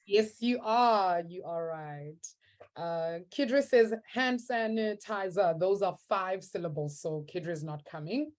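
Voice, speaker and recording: A woman's voice: lowish voice, lively intonation, unhurried, darkish tone. A young woman teaching a live online maths class, upbeat and encouraging as she reads out students' answers from the chat.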